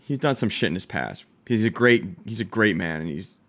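A young man co-hosting a casual chat, telling a story with lively quoted dialogue, swearing and laughing as he goes. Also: on the low side, a little fast. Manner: animated, acts out quoted dialogue, swears freely, laughs often. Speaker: podcast co-host.

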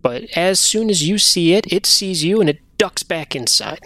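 A man running a tabletop game as game master, narrating scenes in a relaxed conversational way. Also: high-pitched, normal speed, no echo.

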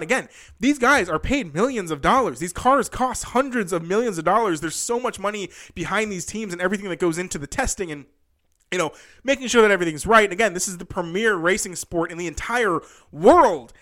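A man's voice: sits high, lively intonation, brisk, fairly bright tone. A young man talking through a motorsport season in a loose, rambling way, full of restarts and "you know", rising in disbelief as he goes. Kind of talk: casual motorsport commentary.

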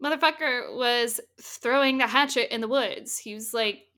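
A woman casually retelling a film's plot as a podcast co-host, lively and swearing freely. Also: on the high side, normal speed. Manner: animated storytelling, swears freely. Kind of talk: casual chat recapping a film.

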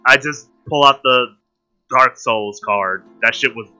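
A man's voice: medium pitch, a little slow, bright, forceful tone, faint music behind. A man chatting casually on a podcast, stumbling over his words with many fillers.

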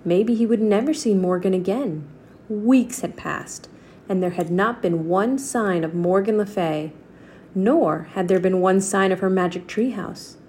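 A woman storyteller reads a children's chapter book aloud with steady, clear narration. Her comfortable mid-range voice moves a little slowly, with a faint hiss in the background.

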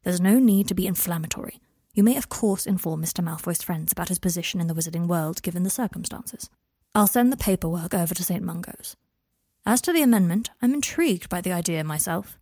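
A grave, composed senior wizard official who talks in a formal, measured way, read by a woman in her husky voice. He speaks in a storybook reading. The recording is dry and close. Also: on the low side, lively intonation, warm tone, dry recording.

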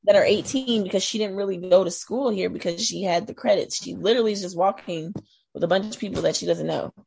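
A middle-aged woman from Iowa, a guest sharing her experience, talks casually about her life in a mid-range voice that's fast, a little mellow, breathy, and touched with vocal fry. She's chatty and laughs often, sometimes trailing off into doubt.

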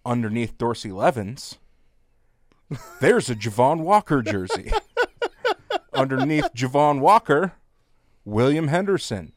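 A man in his thirties chatting casually as a podcast co-host, an animated storyteller who laughs often. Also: mid-range voice, slow pace, long pauses, dry recording, studio quality. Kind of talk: casual chat.

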